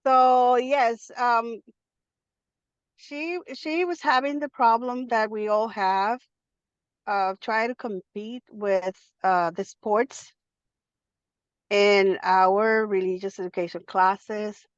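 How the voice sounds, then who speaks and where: A woman who directs religious education, calling in while driving, hurried and halting with many restarts. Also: mid-range voice, steady tone, smooth, no echo, highs cut off. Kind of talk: casual call-in sharing.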